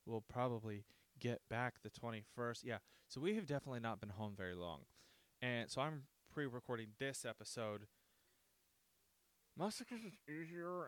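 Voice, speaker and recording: A man's voice: mid-range voice, clean tone, no echo. Solo podcast host, male, dry close sound, loose rambling delivery with profane jokes. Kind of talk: casual solo podcast chat.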